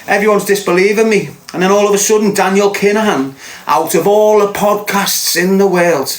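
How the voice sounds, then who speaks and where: A man's voice: high-pitched, normal speed, reverberant. A man with a Liverpool accent telling a heated, insistent story as a podcast host. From Liverpool, England. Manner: ranting, fired-up, insistent.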